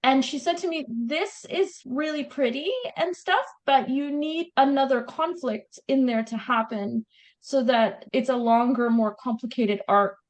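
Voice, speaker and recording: A woman's voice: high voice, unhurried, poor audio. A woman with a Canadian accent, a guest author chatting animatedly about her writing in an interview. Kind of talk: casual interview chat.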